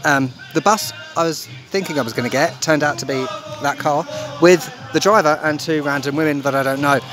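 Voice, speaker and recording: A man's voice: a little high, brisk, over music. A man vlogging casually on his phone while travelling, upbeat and chatty, with many ums and laughs. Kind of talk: casual travel vlog narration. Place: outdoors and in a restaurant, on the move. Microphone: phone held in hand.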